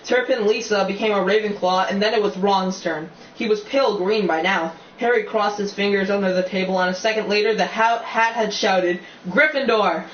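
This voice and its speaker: A mid-range voice with a steady tone reads a novel fairly quickly, barely pausing. This amateur audiobook narrator stumbles, restarts now and then, and drops chatty asides. The recording sounds dull, roomy and distant, with faint hiss.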